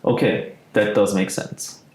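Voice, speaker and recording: A man hosting an interview, upbeat and loose, quick to affirm his guest before asking the next question. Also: lowish voice, steady tone, darkish tone. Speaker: podcast host. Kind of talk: casual interview. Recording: echoey room with faint noise.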